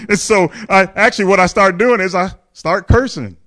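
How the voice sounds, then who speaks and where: A man with a notably high voice preaches through a personal story. He tells it candidly and with humor, often chuckling and turning to speak directly to his listeners. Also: moderate pace, fairly bright tone. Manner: addresses the congregation directly. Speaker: pastor. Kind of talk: storytelling sermon.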